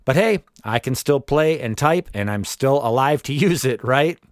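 A man's voice: medium pitch, lively intonation, moderate pace, no echo, studio quality. A man narrating his own memoir in the first person, wry and matter-of-fact as he tells it.

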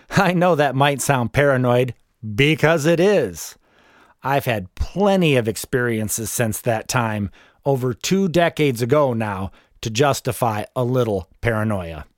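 The audio is dry and studio quality as a man in his forties with a mid-range voice reads his memoir in his own words. Wry, sardonic asides punctuate the first-person narration.

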